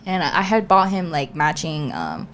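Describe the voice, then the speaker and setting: A young woman co-hosting a podcast, telling a story in a chatty, animated way with lots of fillers. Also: deep voice, normal speed, slight background noise. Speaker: podcast co-host. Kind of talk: casual storytelling chat.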